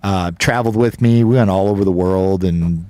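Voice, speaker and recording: A man's voice: low voice, moderate pace, mellow, clear, resonant tone, no echo. A man guesting on a podcast interview, telling a long story in a casual, rambling way with the odd swear word. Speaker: podcast guest, business co-owner.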